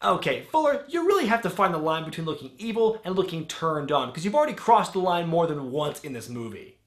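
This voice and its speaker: A man giving a sarcastic, comedic movie review with sudden shouted outbursts. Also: a little high, very animated, fairly quick, echoey room, over music. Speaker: wrestling film reviewer.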